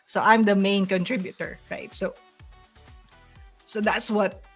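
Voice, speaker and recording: A woman's voice: medium pitch, steady tone, measured pace, slightly rough, soft background music. Earnest Filipino woman, emotional guest. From Philippines. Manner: earnest and emotional, with frequent restarts. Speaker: guest, agency owner. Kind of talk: heartfelt interview talk.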